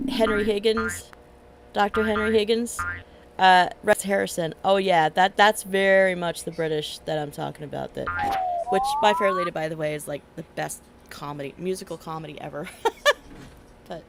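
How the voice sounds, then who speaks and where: In a low-quality recording with game music behind her, a middle-aged woman with a medium-pitched voice chats casually as she plays a game on stream. Her talk wanders, and she laughs frequently.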